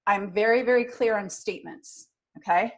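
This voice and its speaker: A middle-aged woman giving a training talk to front office staff, direct and energetic in her coaching. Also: mid-range voice, moderate pace, a crowd in the background.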